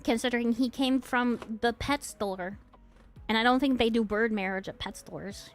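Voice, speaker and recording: Giggly woman streamer, slightly high voice. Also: moderate pace, faint music behind. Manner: giggly, playful and rambling. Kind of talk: casual stream chat.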